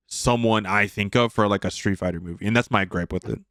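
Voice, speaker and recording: A man's voice: fairly low pitch, brisk, fairly bright tone, clean tone, dry recording, studio quality. A man co-hosting a podcast, giving his opinions in casual chat with lots of fillers. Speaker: podcast co-host.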